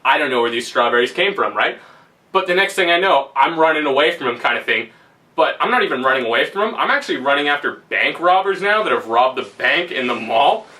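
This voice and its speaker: Rambling, bright-voiced man. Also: fairly high pitch, lively intonation, brisk, recorded from a distance. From Canada. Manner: rambling, laughing, full of fillers. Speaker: vlogger. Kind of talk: casual storytelling.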